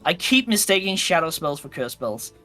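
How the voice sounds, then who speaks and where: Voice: medium pitch, big pitch swings, normal speed, sharp tone. A stream host reading game event text aloud and thinking aloud while playing a card game with friends, with faint music behind.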